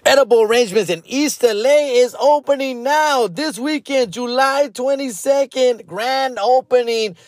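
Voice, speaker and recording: A man doing a loud, hyped-up ad announcer. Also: unhurried, hardly any pauses, no echo, clean studio sound. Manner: loud, punchy, high-pitched ad pitch with slang. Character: hyped-up male radio ad announcer.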